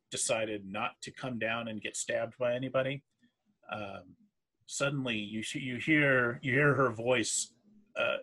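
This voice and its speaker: A man runs a tabletop game as its game master, his voice husky and a little breathy. He narrates haltingly, full of fillers and restarts, at an ordinary middle pitch. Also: bright, forceful tone.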